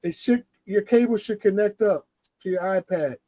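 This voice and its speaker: A man's voice: high voice, moderate pace, warm tone, dry recording. A man instructing a class in casual chat, talking others through technical steps and repeating himself.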